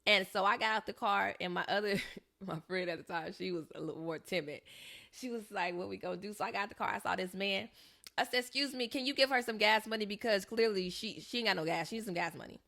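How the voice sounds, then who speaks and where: A woman's voice: medium pitch, quick pace, gravelly. A young woman from Southern California co-hosting a podcast, telling a story in casual chat and acting out the people she quotes. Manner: animated, acts out quoted voices. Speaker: podcast co-host.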